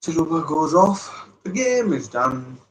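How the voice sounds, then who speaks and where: A man commentating live as a fan while watching a football match, muttering asides and breaking into excited outbursts. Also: fairly high pitch, measured pace, low-quality recording.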